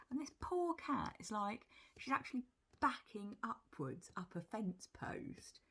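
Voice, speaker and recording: A woman telling stories about her cats in a soft, breathy whisper, in a whispered role-play style. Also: mid-range voice, very animated, a little slow. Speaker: cat vlogger.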